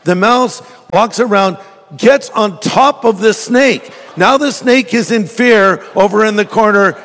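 A man preaching a sermon in church, telling stories in a jokey, animated way. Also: sits high, a little slow, long reverb tail. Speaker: pastor.

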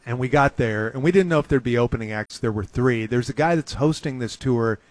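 A man hosts a talk show in a relaxed, enthusiastic chat, at a middle pitch for a man. His voice is close and dry, with no room sound. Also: brisk, no room sound. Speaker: radio host. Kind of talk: casual chat.

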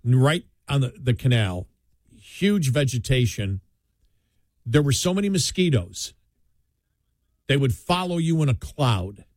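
A man's voice: mid-range voice, sing-song, unhurried, pauses often, darkish tone, no echo. A man telling long rambling stories in easy conversation, chuckling as he goes. His voice sits in a middling register. It sounds close and dry, with no room around it. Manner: rambling storyteller, laughs often. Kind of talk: casual chat.

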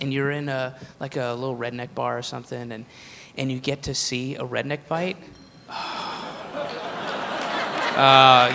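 Profane rambling stand-up comedian. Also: male voice, a little high, bright, forceful tone. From American South. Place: live comedy venue. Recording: live hall reverb with faint noise.

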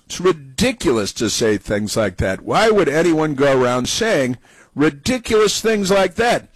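A man's voice: a little high, very animated, measured pace, no echo, poor audio. A man hosting a talk radio show, rambling and mocking in his opinionated commentary.

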